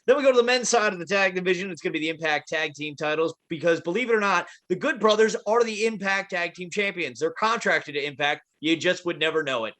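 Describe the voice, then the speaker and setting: A man's voice: high voice, fast talker, few pauses, fairly bright tone. A man hosting a casual wrestling prediction podcast, calling on each co-host in turn. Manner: leads the talk, calls on each co-host.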